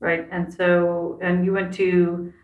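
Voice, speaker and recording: A woman's voice: lowish voice, monotone, slow, lo-fi sound. A woman hosting a podcast, interviewing a guest in a friendly, conversational way. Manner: friendly, conversational, brief acknowledgements. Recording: roomy sound with faint music.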